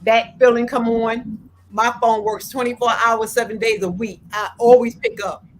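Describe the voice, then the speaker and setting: A woman's voice: a little high, fairly even intonation, moderate pace, a little hiss or hum, low-quality recording. A woman hosting a faith-based talk on mental health, speaking earnestly and repeating herself for emphasis. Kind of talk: faith-based casual discussion.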